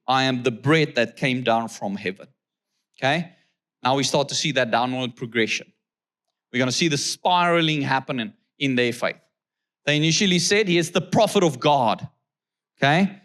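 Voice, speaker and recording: A man with a South African accent preaching as a guest pastor. He reads scripture slowly, then turns to the crowd with rhetorical questions and keeps checking in with "okay?". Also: medium pitch, a bit bright. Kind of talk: sermon with scripture reading.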